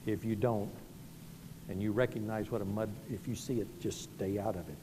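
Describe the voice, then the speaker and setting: A man's voice: lowish voice, fairly even intonation, moderate pace, long reverb tail, background noise. A middle-aged man with a Southern US accent, preaching a sermon as a pastor, telling folksy, self-deprecating stories.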